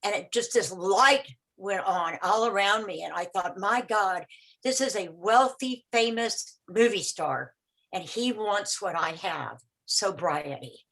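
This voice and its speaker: A woman in her sixties on a video call, telling a personal story in a rambling, halting way, full of restarts and repeated words, and acting out the voices of the people in it. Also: medium pitch, creaky, a bit bright, poor audio. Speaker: meeting participant sharing a story.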